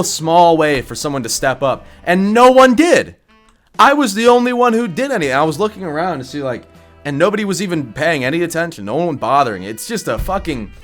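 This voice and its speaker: A young gaming YouTuber with a congested, scratchy voice talks in a mid-range pitch. He is blunt and profane, ranting casually before walking through a game build. Soft guitar music plays faintly behind him.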